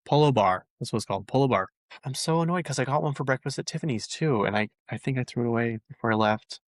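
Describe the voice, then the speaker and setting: A man chatting casually as a vlog host, gushing and excitable with lots of fillers. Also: medium pitch, fast, no room sound. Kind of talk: casual chat. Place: lives in Utah.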